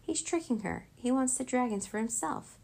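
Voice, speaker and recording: A woman voicing a brave, outspoken young girl in a children's storybook, loud and urgent. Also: sits high, lively intonation, normal speed, vocal fry, voice pushed up, full character voice. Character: bold outspoken girl hero, brave and fiery.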